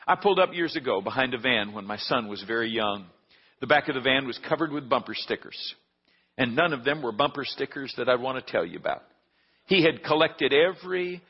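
A middle-aged male pastor preaching a sermon, telling a story and swinging between hushed and loud. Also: medium pitch, slightly rough. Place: church sanctuary. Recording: dull recording with long hall reverb.

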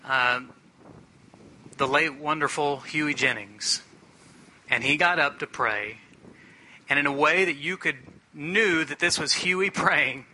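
Bright-voiced male preacher. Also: a little high. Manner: earnest, plainspoken preaching with slowed emphatic phrases. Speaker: pastor. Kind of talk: sermon.

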